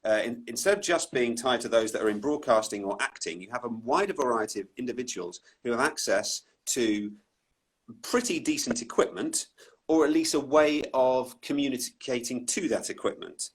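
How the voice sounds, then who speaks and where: A man's voice: medium pitch, expressive, normal speed, breathy edge. A man who works as a voice-over artist, talking thoughtfully with a self-deprecating edge and frequent restarts during an online interview. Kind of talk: relaxed conversational interview. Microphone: online live video call.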